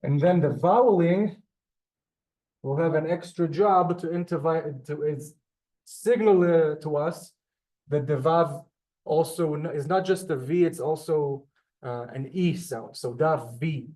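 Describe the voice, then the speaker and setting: A man's voice: a little high, unhurried, mellow. A man teaching a classroom language lesson, explaining step by step with many ums and asides. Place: synagogue classroom.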